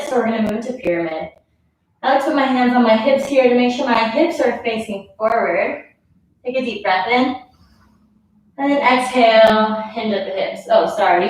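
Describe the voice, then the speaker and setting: Breathy woman guiding yoga, echoey room. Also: on the high side, slight background noise. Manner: casual, encouraging cues, counts breaths aloud. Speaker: yoga instructor. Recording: very echoey room, mic far off.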